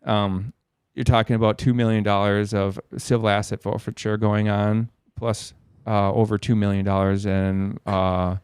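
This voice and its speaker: A man's voice: on the low side, flat delivery, normal speed, few pauses, darkish tone, smooth, no room sound, studio quality. A man as a podcast guest, telling a long story in a rambling way, swearing a lot. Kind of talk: casual storytelling.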